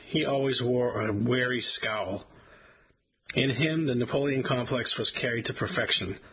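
A man reading a first-person memoir aloud in a wry, measured storytelling manner. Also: mid-range voice, sharp tone, slightly rough, rough recording. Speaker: audiobook narrator.

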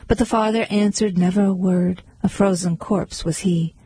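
A woman reciting poems aloud in a rhythmic, measured way. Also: mid-range voice, steady tone, warm tone, husky, rough recording. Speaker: poetry reader. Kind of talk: recited poetry reading.

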